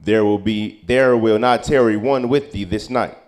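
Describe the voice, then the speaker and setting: A man reading old-style Bible verses aloud at a steady pace, now and then stumbling over a word. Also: on the low side, normal speed. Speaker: scripture reader.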